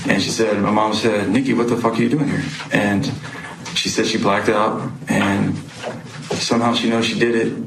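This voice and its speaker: A man testifying as a witness in court, speaking haltingly with many pauses and fillers. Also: lowish voice, steady tone, gravelly. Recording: echoey noisy courtroom audio.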